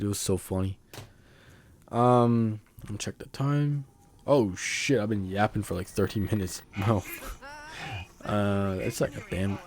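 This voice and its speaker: A man's voice: on the low side, a little mellow. A young man rambling in a casual, profane, slang-heavy monologue about hobbies, often breaking into laughter. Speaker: vlogger. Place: outdoors near a road.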